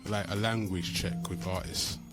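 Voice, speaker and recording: A man hosting a radio show, chatting with guests in relaxed, slangy banter. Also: low-pitched, moderate pace. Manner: lively, laughing, slangy banter. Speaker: radio host. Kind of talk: casual interview chat. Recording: background music under the talk.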